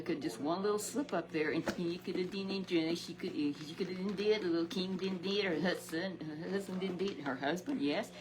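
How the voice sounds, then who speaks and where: In a rough recording, a woman with a fairly low-pitched voice recounts a Sunday Bible story to a companion. Her telling is homely and repetitive, with stumbles over words and homely exclamations.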